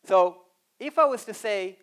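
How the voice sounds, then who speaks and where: A man giving an animated live talk on a conference stage, speaking straight to the audience and acting out quoted voices. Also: high voice, unhurried, smooth. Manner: animated, addresses the audience directly.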